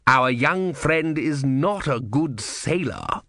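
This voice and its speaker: A man voicing a cold, soft-spoken male inquisitor who talks slowly and deliberately, with silky menace. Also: medium pitch, animated, dry recording, clean studio sound, voice pushed up. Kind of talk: audiobook character voice.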